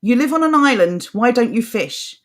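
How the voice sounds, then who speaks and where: A woman with a fairly high voice co-hosts a live talk show. She talks in heated, ranting bursts, pressing her points hard. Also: animated, moderate pace. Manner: impassioned, ranting delivery. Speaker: co-host.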